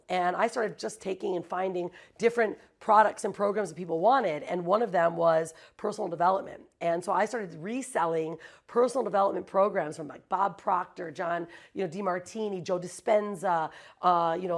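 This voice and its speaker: Gravelly-voiced woman telling her story. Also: fairly low pitch, reverberant, low-quality recording. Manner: animated storyteller who acts out quoted people. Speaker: interview guest, branding agency founder. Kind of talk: conversational storytelling.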